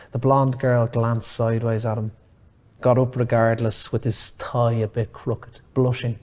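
Brief: male literary reader, unhurried and measured, middle pitch. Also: little pitch movement, darkish tone. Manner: measured, shifts voice for the dialogue. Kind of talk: dramatic literary reading.

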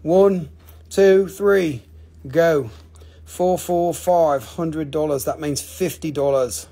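High gravelly-voiced man selling rocks live. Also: takes it slowly, warm tone. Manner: joking, playful salesman patter. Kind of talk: casual live-stream sales chat.

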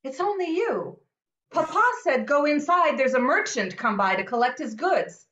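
An actress playing a chatty, bustling young country daughter in an amateur remote stage play. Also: female voice, sits high, big pitch swings, moderate pace, fairly bright tone, echoey room, lo-fi sound, a little hiss or hum. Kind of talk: amateur stage acting over video.

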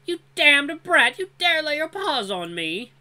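A storyteller voicing Dran, an angry, pompous male wolf elder who shouts insults. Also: high voice, huge pitch swings, takes it slowly, pitched above the performer's own voice, heavily acted. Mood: outraged. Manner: shouting, indignant.

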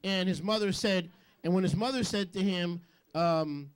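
High-voiced male preacher. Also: smooth. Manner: jokey, rapid asides, call-and-response questions. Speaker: rabbi and preacher. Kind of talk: sermon to a congregation.

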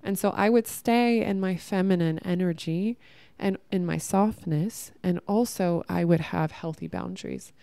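A woman's voice: fairly low pitch, unhurried, creaky, mellow, clear, resonant tone, no room sound. A young woman vlogger giving earnest, spiritual advice in a casual monologue, swearing freely.

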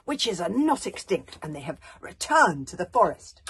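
A woman's voice: medium pitch, huge pitch swings, moderate pace, a little mellow, husky, full character voice. A woman voicing a stern, imperious warrior queen in a children's story, speaking in grim, commanding proclamations.

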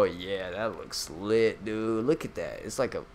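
A man's voice: fairly low pitch, measured pace, hardly any pauses, a little mellow. A young man giving casual, joking gameplay commentary as a gaming YouTuber, rambling and slangy.

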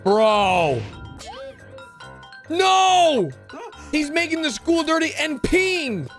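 Excitable young man reacting, high voice. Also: extremely slow, faint music behind. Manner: animated, exclaiming, calls viewers bro. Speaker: gaming channel host.

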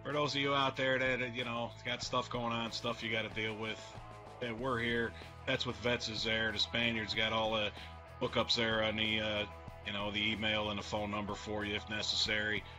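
A man's voice: lowish voice, level tone, moderate pace, music in the background, poor audio. A man co-hosting a casual radio roundtable, joking and playful as he plugs his own segment. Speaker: co-host.

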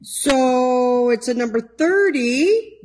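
A woman's voice: sits high, expressive, slow pace, darkish tone, a little hiss or hum. A woman co-hosting a live auction stream, chiming in playfully and cheering buyers on.

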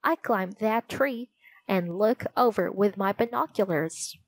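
A woman's voice: mid-range voice, a little slow, no echo. A woman voicing an earnest young boy who loves watching falcons.

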